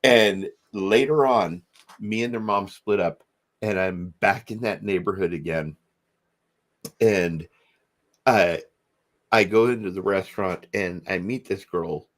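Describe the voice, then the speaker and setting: Middle-aged man, low voice, rambling podcast storyteller who acts out quotes. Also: slow, pauses often. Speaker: podcast co-host. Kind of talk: casual storytelling chat.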